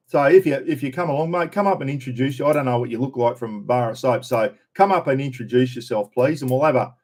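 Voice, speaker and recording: A middle-aged Australian man from Queensland hosting a livestream, chatting casually and answering viewer comments in a rambling, jokey, blokey way. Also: mid-range voice. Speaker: livestream host.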